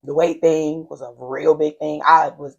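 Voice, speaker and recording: A woman's voice: low voice, level tone, moderate pace, darkish tone, dull audio. A young woman on a podcast telling a candid personal story, blunt and full of slang and swearing. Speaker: podcast guest. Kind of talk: casual chat.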